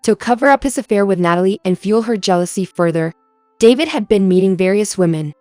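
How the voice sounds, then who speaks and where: A woman with a middle-pitched voice narrates a scripted first-person story in an even, steady, brisk manner. The recording is dry with no echo, and faint music sits underneath.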